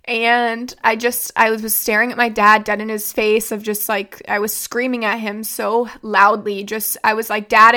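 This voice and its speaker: A young woman hosting her own show, telling in a halting, emotional way, with many fillers, how her father died. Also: a little high, pushed and bright. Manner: tearful, halting retelling of a family loss, many fillers. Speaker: podcast host. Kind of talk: emotional personal storytelling.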